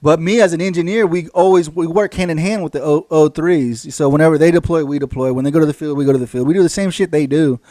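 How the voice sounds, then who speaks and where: A man's voice: on the high side, quick pace, hardly any pauses, warm tone, no room sound, clean studio sound. A man hosting a casual podcast chat, swearing freely and retelling stories through quoted back-and-forth dialogue. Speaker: podcast host.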